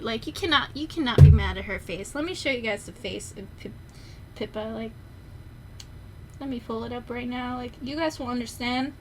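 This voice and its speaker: A young adult woman streamer chatting casually and rambling in an animated way. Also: high voice, slight background noise. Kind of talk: casual chat on a livestream.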